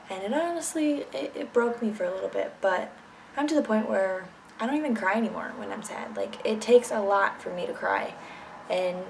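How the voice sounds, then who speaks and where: A woman's voice: mid-range voice, a little hiss or hum, rough recording. Blunt, candid young woman vlogger. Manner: blunt, candid, swears freely. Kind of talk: casual storytime vlog.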